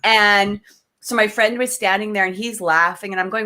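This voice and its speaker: Animated, emotional woman telling a story. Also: mid-range voice, normal speed. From Canada. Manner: animated, emotional, many restarts and fillers. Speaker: podcast co-host. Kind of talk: casual storytelling in an interview.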